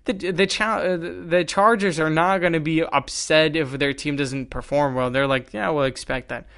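A young man hosting a solo podcast, telling stories in an animated, exasperated way. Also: fairly high pitch, normal speed, smooth. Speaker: podcast host.

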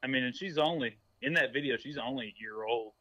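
Bright-voiced man, easygoing. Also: medium pitch, fast talker, dry recording, highs cut off. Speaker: podcast guest. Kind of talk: casual chat.

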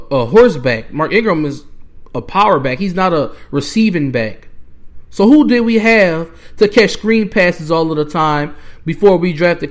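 A young man, hosting a podcast and ranting with heated exasperation as a sports fan. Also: high voice. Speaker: podcast host. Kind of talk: fan rant.

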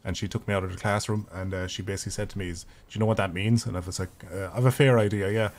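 Fast-talking Irish man streaming a game. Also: sits low, fairly even intonation. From Ireland. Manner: chatty, swears freely, quick talker. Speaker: gaming streamer. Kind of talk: casual live gameplay commentary.

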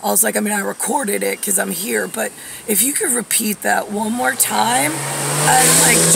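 A woman's voice: a little high, creaky, fairly bright tone, a little hiss or hum. A woman in her forties talking straight to camera in a rambling personal monologue, wandering off topic with lots of fillers and getting heated enough to swear. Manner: digressive, many fillers, grows heated and swears. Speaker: vlogger.

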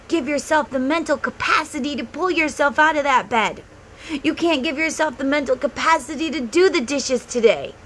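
A middle-aged woman with a slightly high voice, talking straight to her viewers in an earnest, heartfelt way. Her advice comes in a casual vlog style, with a faint hiss of background noise behind her. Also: a bit bright, low-quality recording. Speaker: tarot and spiritual vlogger.

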